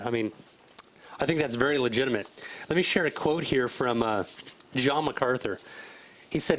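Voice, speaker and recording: A man co-hosting a faith talk show in earnest, fast bursts, repeating his points. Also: mid-range voice, a bit bright, low-quality recording. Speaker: co-host. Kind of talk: casual talk show chat, preachy.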